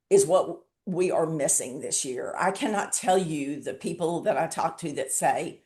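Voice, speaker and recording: A woman hosting an interview show, chatting with enthusiasm and warm praise for her guest. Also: fairly low pitch, animated, a little slow, hardly any pauses. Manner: enthusiastic, gushing. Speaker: host. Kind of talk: casual interview chat.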